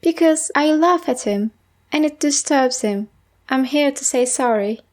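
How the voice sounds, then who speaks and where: A woman's voice: high-pitched, expressive, measured pace, a little mellow. A woman reading as a playful young girl. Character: young girl, teasing then apologetic.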